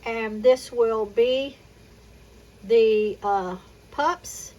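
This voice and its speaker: A woman vlogging casually from the floor of her home, talking slowly and fondly to her dogs. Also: fairly high pitch, darkish tone, lo-fi sound. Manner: slow, unhurried, talks fondly to her dogs. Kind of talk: casual home vlog chat. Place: indoors at home, sitting on the floor. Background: dogs barking.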